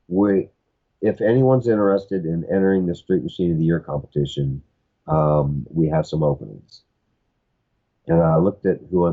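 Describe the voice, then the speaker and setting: Deep-voiced man spinning a rambling story. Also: husky, phone-quality sound. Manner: rambling anecdotes with quoted dialogue. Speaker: podcast guest. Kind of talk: casual storytelling.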